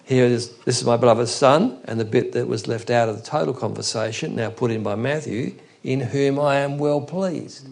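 A man delivers an unhurried Bible teaching in a thoughtful, conversational way. His voice sits at a middling pitch with a gravelly, creaky texture. He often slows to read scripture aloud. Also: a little mellow. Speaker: preacher.

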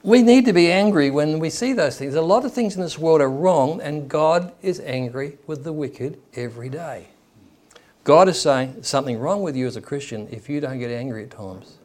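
A man's voice: on the high side, animated, moderate pace, a little mellow. A man preaching a sermon in a conversational way, acting out the people he quotes.

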